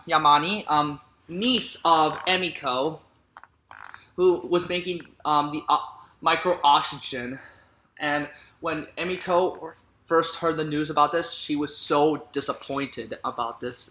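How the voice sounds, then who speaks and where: A man's voice: a little high, pushed and bright. A man giving a casual movie recap, rambling and full of fillers and restarts. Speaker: movie reviewer. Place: room at home. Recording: roomy echo.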